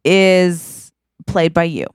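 A woman co-hosting a comedy podcast, spinning an improvised story in an animated, drawn-out way. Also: fairly low pitch, clean tone, no echo. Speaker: podcast co-host.

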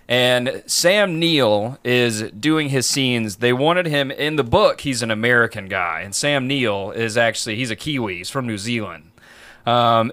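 A man's voice: medium pitch, a bit bright, clear, resonant tone, no room sound. Laid-back man telling film stories. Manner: laid-back storyteller, frequent fillers and laughs, swears. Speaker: podcast host. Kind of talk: casual chat.

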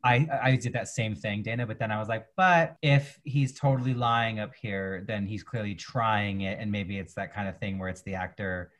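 A man co-hosting a podcast, chatting casually about TV episodes, rambling with frequent restarts and animated retellings. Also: lowish voice, normal speed, hardly any pauses. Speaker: podcast co-host. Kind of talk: casual chat reviewing TV.

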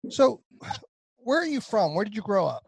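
American male co-host, somewhat high voice, dry sound, stammering eagerly. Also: very animated, creaky, breathy edge, no echo. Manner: halting, many restarts, warm praise. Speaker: podcast co-host. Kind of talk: casual podcast chat.

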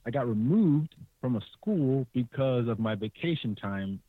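A man's voice: unhurried, no echo. A young man from California telling hunting stories, acting out other people's lines in a raised voice and laughing often. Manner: animated, acts out quotes in a higher voice, laughs often. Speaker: podcast guest, hunter. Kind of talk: casual storytelling. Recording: tinny, dry remote call audio.

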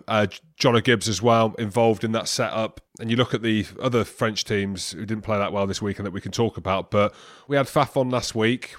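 A man's voice: fairly low pitch, fairly bright tone, dry recording, studio quality. A man co-hosting a podcast, chatting in a rambling, bantering way. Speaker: podcast co-host. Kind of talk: casual chat.

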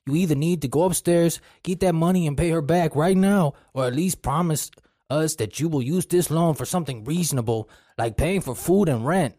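Man doing a scolding man, Spanish accent, high-pitched, loud, berating, dry sound. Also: normal speed, no room sound, natural voice.

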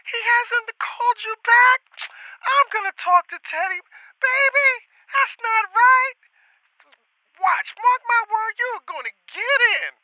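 A man voicing a bubbly, doting middle-aged Southern woman in a high, sing-song voice with a Southern US accent, with music playing underneath. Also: lively intonation, slow pace, no room sound, dull audio, full character voice. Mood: gushing.

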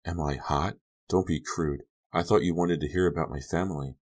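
Guy reading as an eerie sweet teen girl, super low voice, talks soft and coaxing. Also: fairly even intonation, moderate pace. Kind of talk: audiobook reading.

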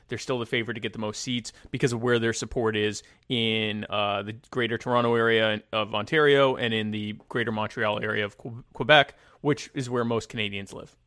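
A man in casual political chat, rambling and sarcastic, with many halting restarts. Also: medium pitch, a bit bright, dry recording, studio quality.

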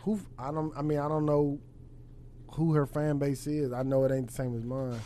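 A man's voice: on the high side, level tone, normal speed, dark tone, slight background noise. A man from Los Angeles hosting a podcast, laid-back and teasing in casual chat. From Los Angeles, USA. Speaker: podcast host.

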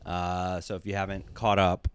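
A man's voice: low-pitched, completely flat delivery, moderate pace, clean tone. A man co-hosting a casual podcast, rambling and self-deprecating, often trailing off into a mumble. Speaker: podcast co-host.

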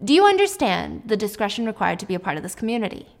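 A woman voicing a clinical doctor who reads out an applicant file in brisk, formal questions. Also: mid-range voice, sing-song, creaky.

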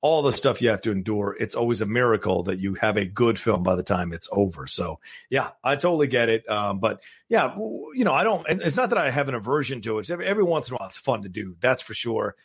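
A man's voice: medium pitch, expressive, quick pace, slightly rough. A man co-hosting a podcast about films, talking casually and rambling, with many restarts and fillers. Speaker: podcast co-host. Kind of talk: casual chat.

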